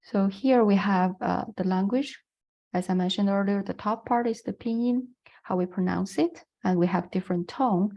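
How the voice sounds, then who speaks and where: A woman with a mid-range voice speaks at normal speed over dull audio, teaching the Chinese language in an online lecture. Her English is non-native and Chinese-accented, and her patient explanations include many fillers.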